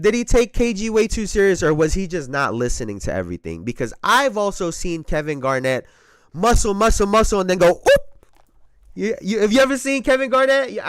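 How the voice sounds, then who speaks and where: A man's voice: high voice, clear, resonant tone, no echo, studio quality. A man hosting a sports podcast, talking casually and with a lot of profanity, often repeating himself and breaking into laughter.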